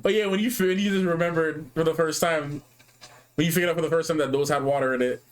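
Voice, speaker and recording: A man's voice: fairly high pitch, fast. A man co-hosting a movie reaction, chatting casually and laughing often as he reacts. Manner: laughs often, animated and playful. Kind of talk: casual chat reacting to a film.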